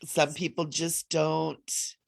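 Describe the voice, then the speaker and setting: A woman co-hosting a casual spiritual chat, playful and quick to laugh. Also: low voice, vocal fry. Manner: laughs often, playful and animated. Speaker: co-host.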